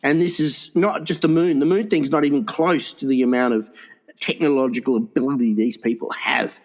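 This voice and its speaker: A man co-hosting a crude comedy podcast, excitable, swearing often and laughing a lot. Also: mid-range voice, moderate pace. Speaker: podcast co-host.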